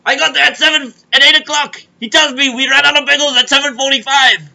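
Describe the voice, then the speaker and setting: A man's voice: very high-pitched, fairly even intonation, quick pace, vocal fry, few pauses, sharp tone. A man hosting a comedic crypto show, rambling and kvetching as he tells stories. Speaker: podcast host. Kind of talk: comedic crypto market monologue.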